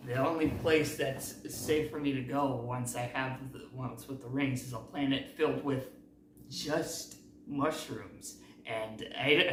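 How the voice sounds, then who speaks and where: A man's voice: mid-range voice, close to an everyday voice. Man doing a young hedgehog, homesick, anxious, reluctant, echoey room, faint hiss. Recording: roomy, distant mic, faint noise.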